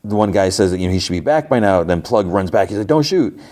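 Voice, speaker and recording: A fast-talking podcast host with a low, slightly mellow voice runs through TV episode recaps. He's casual and rambling, filling his speech with "like."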